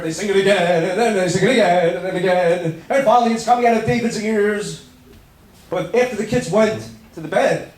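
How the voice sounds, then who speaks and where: A man, a rabbi, telling a story in a sermon with animated delivery and snatches of song. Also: high voice. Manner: animated, sings snatches of melody. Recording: echoey room with faint background noise.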